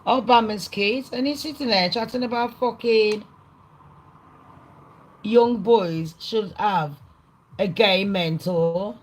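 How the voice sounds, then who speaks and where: Excitable sweary woman ranting. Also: mid-range voice, takes it slowly, long pauses, poor audio. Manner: excitable, rambling, heavy swearing. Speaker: livestream host. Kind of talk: casual rant to a live chat.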